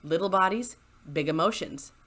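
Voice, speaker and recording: Sitting at a home desk with a squeaky chair, this YouTuber narrates a story into her microphone at a normal speed. Her voice sits on the low side and sounds a bit bright, and she keeps it chatty and sarcastic, adding asides and frequent laughs between lines.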